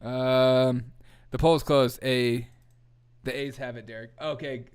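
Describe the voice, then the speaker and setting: A man's voice: medium pitch, fairly even intonation, a little slow, darkish tone, clear, resonant tone. A man hosting a live comedy news show, riffing on headlines with a joking, chaotic manner and frequent laughter. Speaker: host.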